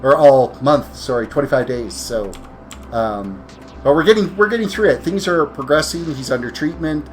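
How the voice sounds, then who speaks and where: A man's voice: medium pitch, moderate pace, a little mellow, soft background music. Tired male game streamer. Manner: rambling, self-correcting, talks while playing. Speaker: live streamer. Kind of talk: casual gameplay commentary.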